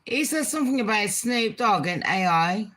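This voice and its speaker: A woman's voice: mid-range voice, lively intonation, moderate pace, fairly bright tone. A woman chatting casually as a gossip vlogger, blunt and crude, swearing freely and tossing asides to her viewers.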